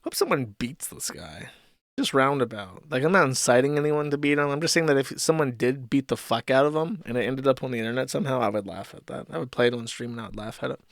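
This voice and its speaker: A man's voice: medium pitch, fast, gravelly, no echo. A man hosting a live stream, reading posts and mocking them in a rambling, swearing commentary. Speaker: streamer host.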